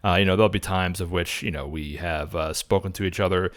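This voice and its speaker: A man's voice: low-pitched, steady tone, brisk. A man hosting a casual film podcast, playful and rambling with many filler sounds. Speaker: podcast host.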